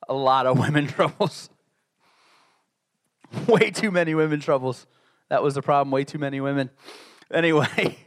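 A man preaching a sermon as pastor, conversational and joking, building to emphatic peaks. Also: fairly high pitch.

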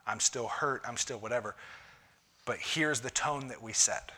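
Male pastor, conversational sermon delivery, bright forceful tone, drops to hushed asides. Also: medium pitch, moderate pace, husky. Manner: conversational, shifting between punchy lines and hushed asides. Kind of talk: sermon on marriage.

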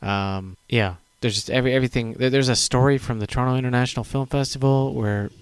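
A man's voice: medium pitch, fairly even intonation, fast, clean tone, no echo. A man hosting a casual film chat, eagerly adding detailed behind-the-scenes trivia. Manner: detailed, enthusiastic trivia sharing. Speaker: podcast host.

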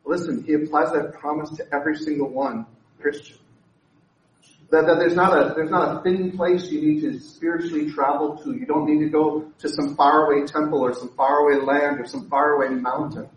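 A male pastor preaching a lively sermon, full of joking asides and repeated words. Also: fairly high pitch, normal speed, distant mic, a little hiss or hum. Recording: echoey room, speaker away from mic.

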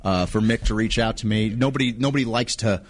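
A man's voice: fairly low pitch, fairly quick, slight background noise. Man, radio host, studio mic, rambling casual chat, repeats himself, laughs a lot. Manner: rambling, stumbles and repeats words, laughs often.

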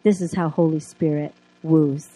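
A woman's voice: sits low, moderate pace, slightly rough, dry recording. Dry-voiced woman teaching with testimony. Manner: lively storyteller who acts out dialogue. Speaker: Bible teacher. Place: classroom.

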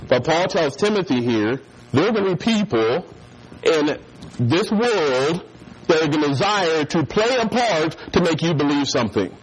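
A man's voice: on the high side, slightly rough, rough recording. A man preaching a sermon and telling a childhood story, acting out the voices of the people in it. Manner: animated storyteller who acts out voices.

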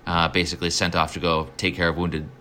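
A man's voice: sits low, level tone, fast, pushed and bright, a little hiss or hum. A man co-hosting a podcast, talking casually and enthusiastically, rambling with frequent restarts. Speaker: podcast co-host. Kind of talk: casual chat.

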